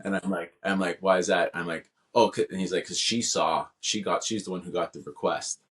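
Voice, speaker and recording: Male podcast co-host, low voice, animated casual storyteller. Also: brisk.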